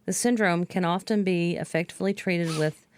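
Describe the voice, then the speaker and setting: A woman co-hosting a podcast, reading topic notes aloud in a measured way. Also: fairly low pitch, clean tone, no room sound. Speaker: podcast co-host.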